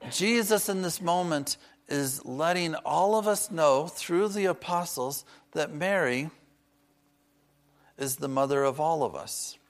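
A man's voice: on the high side, slow pace. Earnest male preacher with chatty asides. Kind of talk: sermon.

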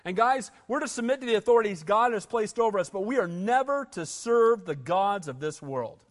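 A man's voice: high-pitched, expressive, a little fast. A man preaching a sermon in a conversational, emphatic way, often asking the room for an amen. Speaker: pastor.

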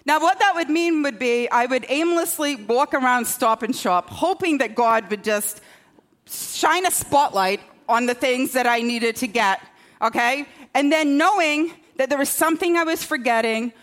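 Speaking at a normal speed, the pastor has a high, fairly bright voice. Her sermon feels like a conversation, full of self-deprecating humor and frequent "okay?" check-ins with the congregation.

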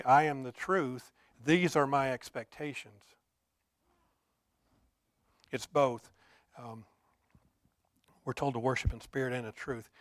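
A man preaching a sermon, at times quiet and at times building to emphatic, repeated declarations. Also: mid-range voice, no echo. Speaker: pastor.

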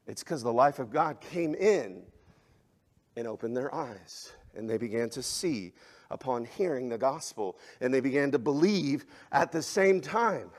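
A male pastor preaching a sermon, swinging between loud, emphatic exhortation and hushed, soft passages. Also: mid-range voice, expressive, a little slow.

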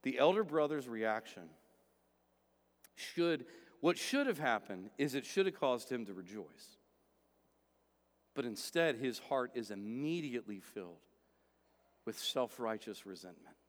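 A male pastor preaching a sermon, swinging from loud emphatic passages to quiet, low stretches. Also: expressive, unhurried, pauses often, big-room sound.

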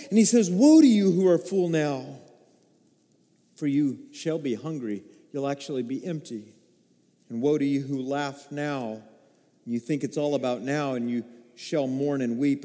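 Man, pastor, sermon, high voice, mellow tone, emotive storytelling, long hall reverb. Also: unhurried. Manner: emotive storytelling, rising to excited peaks.

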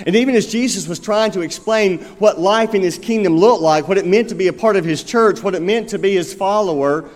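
The long reverb of a large hall surrounds this earnest pastor preaching in a church sanctuary. He has a high voice and speaks fairly quickly with few pauses, asking his listeners rhetorical questions.

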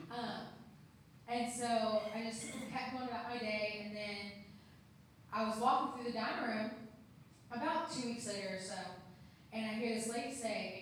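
A woman's voice: a little high, normal speed, slight background noise. A young woman sharing a testimony before a church, acting out the voices of the people in her story. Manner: animated, acts out quoted voices. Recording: echoey hall from far off.

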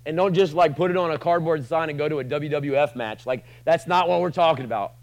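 A man preaching a sermon to a room, casual and joking, swinging from loud passionate lines to quiet asides. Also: fairly high pitch, quick pace, rough recording. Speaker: pastor.

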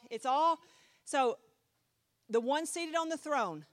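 Lively, higher-voiced woman pastor. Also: slow, no room sound, clean studio sound. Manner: chatty, animated, asks the class many questions. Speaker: pastor teaching a Bible class. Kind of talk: informal Bible class teaching.

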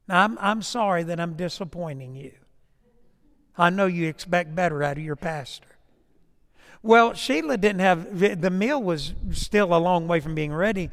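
A man preaching a sermon as pastor, with a slow, emphatic cadence that drops to a soft storytelling voice. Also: high voice. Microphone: lapel or stage mic. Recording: long reverb in a church hall, crackling mic.

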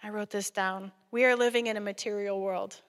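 A woman delivers a sermon in a plain, conversational way, earnest and direct. Her voice sits at an ordinary middle pitch. It rings out with the long reverb of a church hall. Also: steady tone, brisk. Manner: earnest, conversational, laughing at times. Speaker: guest preacher.

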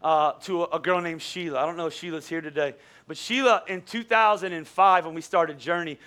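A middle-aged pastor with a fairly high voice preaches a sermon briskly, in a conversational, animated style that sometimes rises to near-shouts.

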